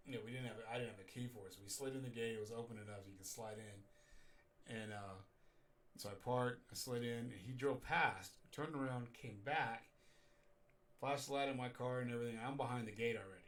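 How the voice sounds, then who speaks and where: A man's voice: mid-range voice, brisk, fairly bright tone, far from the mic. Man telling rambling stories from afar. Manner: rambling storytelling with chuckles. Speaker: show host. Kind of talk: casual radio show chat.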